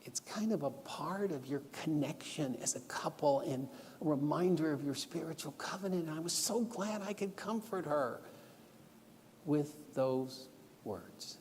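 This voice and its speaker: A man's voice: a little high, measured pace, darkish tone, slight background noise. A middle-aged man preaching a lesson in church, telling personal stories and giving homework in an earnest, instructive way. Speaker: guest preacher. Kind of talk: sermon lesson. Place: church auditorium. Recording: long church hall reverb.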